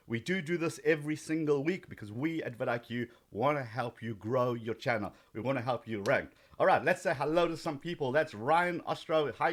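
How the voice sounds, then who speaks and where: Chatty man hosting a live stream. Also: a little high. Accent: South African. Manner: chatty, greets viewers by name, frequent ums. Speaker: live stream host and trainer. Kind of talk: casual live stream chat.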